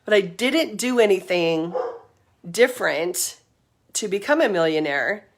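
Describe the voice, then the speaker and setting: A woman's voice: on the low side, animated, unhurried, slight background noise. A middle-aged woman chatting on a casual livestream, upbeat and rambling, a little out of breath as she walks around outdoors. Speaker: livestream host. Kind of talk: casual live-stream chat. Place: outdoors around her home and yard.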